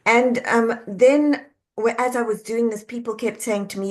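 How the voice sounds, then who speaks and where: Lively woman coach telling stories. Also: on the high side, moderate pace. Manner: animated storyteller, acts out quoted voices, laughs easily. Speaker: executive coach and author, guest. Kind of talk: conversational podcast interview.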